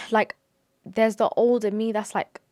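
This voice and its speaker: A woman's voice: mid-range voice, flat delivery, takes it slowly, darkish tone, no echo, clean studio sound. A young woman talking to camera about her faith, earnest and emotional, with sighs, restarts and Arabic religious phrases mixed in. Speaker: vlogger. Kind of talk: personal confessional talk to camera.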